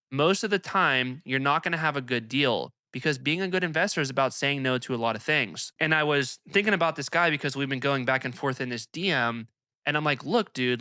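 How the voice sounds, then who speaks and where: A young man hosts an investing channel and talks energetically and emphatically to camera. His voice is bright and crisp. It sounds close and dry. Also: a little high, no room sound. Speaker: investing video host. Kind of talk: casual commentary to camera.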